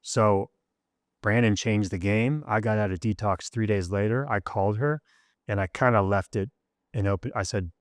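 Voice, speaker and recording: A man with a lowish voice tells a raw personal story in a candid interview. He gets emotional and acts out the people he quotes, his pitch jumping up for their lines. The sound is close and dry. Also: normal speed, no room sound. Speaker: guest, rock drummer.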